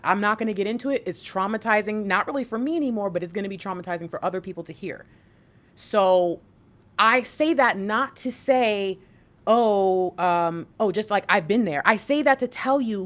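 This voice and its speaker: A woman in her thirties hosting a livestream spiritual reading, talking in an animated, preachy way straight to her viewers. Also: mid-range voice. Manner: animated, preachy, talks to chat. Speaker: intuitive reader and livestream host.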